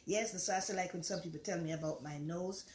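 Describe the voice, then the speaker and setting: Talking fast in a fairly low, darkish voice, this older woman with a Jamaican accent rambles warmly through her home cooking vlog. The recording picks up echo from her kitchen and slight background noise.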